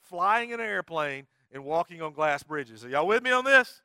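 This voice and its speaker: A man's voice: on the high side, sing-song, normal speed, bright, forceful tone, clear, resonant tone, no room sound, clean studio sound. A middle-aged male pastor, preaching emphatically and quizzing his congregation. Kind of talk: sermon.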